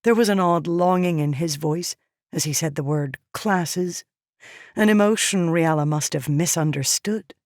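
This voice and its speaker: A woman narrating a novel in an unhurried, measured way, her voice on the low side. The recording is dry and close with no room sound. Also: darkish tone, no echo. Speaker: audiobook narrator. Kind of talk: scripted narration.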